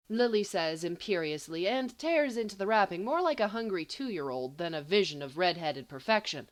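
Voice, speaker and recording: Animated woman narrating a comic story. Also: fairly low pitch, normal speed, hardly any pauses. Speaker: podfic reader. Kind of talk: expressive audiobook narration.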